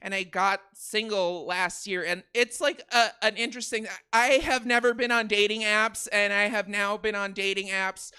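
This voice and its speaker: A woman in her thirties doing a stand-up comedy set, swinging from quiet confiding asides to loud shouted punchlines. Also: medium pitch, fairly even intonation, moderate pace, few pauses, smooth. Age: 30s. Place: comedy theater stage.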